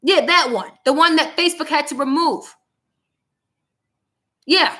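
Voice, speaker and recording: Heated high-voiced woman commentary host. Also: measured pace, sharp tone. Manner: heated, blunt, repeating herself for emphasis. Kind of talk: angry political commentary monologue.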